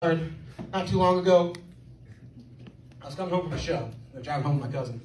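A man doing an animated stand-up comedy set, telling a story and mimicking chants. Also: on the high side, a little fast, recorded from a distance, a little hiss or hum. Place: comedy club stage. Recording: roomy club, mic off-axis, crowd laughing. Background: audience laughter.

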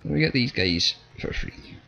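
A man's voice: mid-range voice, lively intonation, unhurried, gravelly, pushed and bright. A man with a Scottish accent doing let's play commentary, blunt, sweary and joking. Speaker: gaming channel host. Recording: slightly dull audio with faint game music.

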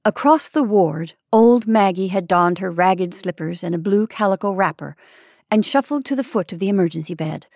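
A woman's voice: mid-range voice, moderate pace, darkish tone, no room sound. Woman reading a story, dry close sound. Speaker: story reader. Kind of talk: scripted narration.

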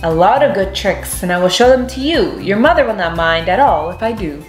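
A woman's voice: medium pitch, animated, fairly quick, natural voice. A woman voicing a playful male cat in a hat in a storybook, speaking in upbeat rhymes. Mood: cheery. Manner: upbeat rhyming invitations. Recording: echoey room, soft music behind.

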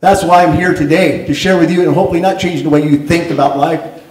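A man's voice: a little high, fairly even intonation, quick pace, darkish tone. An older man, a tribal elder speaking on a panel, giving an earnest, pleading speech to an audience and stumbling over repeated words. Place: event hall after a screening. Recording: roomy hall, voice from off the mic.

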